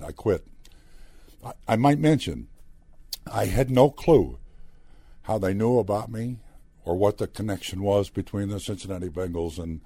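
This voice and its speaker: An older man with a low, dark, husky voice, recorded dry and close. He tells long stories from his playing days in a chatty, easygoing way, acting out each side of the remembered dialogue. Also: no echo. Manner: chatty anecdotal storyteller who acts out quoted dialogue. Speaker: former player, broadcaster guest. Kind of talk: storytelling interview.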